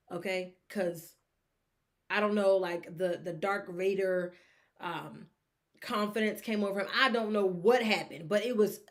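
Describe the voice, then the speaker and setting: Animated woman rambling about football. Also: medium pitch. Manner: animated, rambling, acts out fan reactions. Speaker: sports podcast host. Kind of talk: casual solo sports talk.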